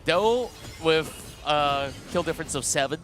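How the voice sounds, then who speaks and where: Male esports caster, bright forceful tone, slightly high voice, faint music bed behind. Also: unhurried. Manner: animated, chatty play-by-play with frequent fillers. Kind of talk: live esports commentary.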